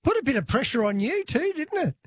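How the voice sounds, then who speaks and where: A man hosting talkback radio who reacts to callers in a friendly, encouraging way. His voice is high and swoops around a lot, and it sounds dry and close. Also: very animated, fairly quick, no room sound. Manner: friendly, encouraging, laughs easily. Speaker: radio host.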